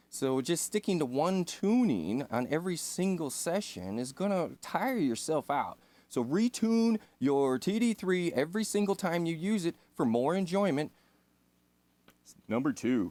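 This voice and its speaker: A man's voice: fairly high pitch, darkish tone. A man reading a synthesizer manual aloud and breaking off into laid-back, self-deprecating commentary with casual swearing. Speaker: synth hobbyist host.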